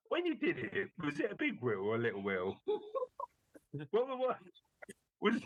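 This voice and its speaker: A man's voice: on the high side, huge pitch swings, moderate pace, pauses often, highs cut off. A man hosting a podcast, teasing his co-host and laughing often in casual chat before introducing a guest.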